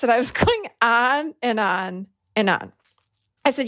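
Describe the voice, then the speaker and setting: A woman hosting a podcast, telling a personal story in an animated way and acting out the voices she quotes. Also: on the high side, measured pace, no echo, clean studio sound. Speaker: podcast host. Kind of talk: storytelling monologue.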